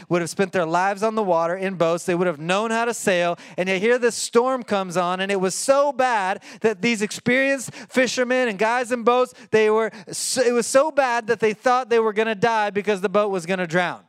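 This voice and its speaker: A middle-aged man preaching a sermon as a pastor, animated, swinging from soft and low to loud and high. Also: smooth, dry recording, studio quality. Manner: animated, rises to near-shouting when quoting.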